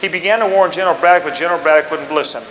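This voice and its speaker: Animated high-voiced male storyteller. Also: racing, long reverb tail, slight background noise, low-quality recording. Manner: animated, acts out scenes and commands. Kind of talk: storytelling history lesson.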